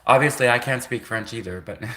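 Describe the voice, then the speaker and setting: A man with a bright, edgy voice at an average pitch, hosting a livestream. He rambles sarcastically, restarting his sentences and piling up rhetorical questions. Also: normal speed. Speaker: livestream host.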